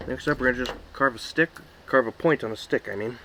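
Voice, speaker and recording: A man's voice: medium pitch, sharp tone, slight background noise. A man casually reviewing pocket knives, muttering and exclaiming while he carves and cuts. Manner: offhand, mutters while working, quick exclamations. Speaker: knife reviewer. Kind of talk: casual hands-on demo.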